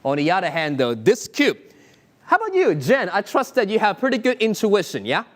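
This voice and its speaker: A male magician with a high, bright voice that leaps all over the place as he works through his patter. He speaks with upbeat showman energy and chuckles often while he performs for viewers at home. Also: wildly swooping pitch, fairly quick. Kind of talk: interactive online magic show.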